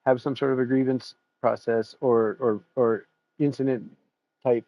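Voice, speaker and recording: A man's voice: medium pitch, fairly even intonation, measured pace, no echo, highs cut off. A man hosting his stream, chatting casually in a rambling, profane way and laughing often. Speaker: streamer host. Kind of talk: casual chat after a sim race stream.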